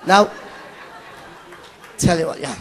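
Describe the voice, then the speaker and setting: A man's voice: on the high side, animated, slow pace, a faint crowd, a little hiss or hum. A young man from Middlesbrough, doing a live stand-up set on stage and bantering teasingly with the audience. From Middlesbrough, England. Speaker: stand-up comedian. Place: stage at a live awards show.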